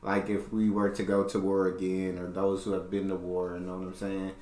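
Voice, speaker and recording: An American man hosts a reaction video in a laid-back, easygoing way and often breaks into laughter. His voice sits on the low side, and the room gives it a noticeable echo. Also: completely flat delivery, a little fast, a little mellow. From United States. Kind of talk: casual chat.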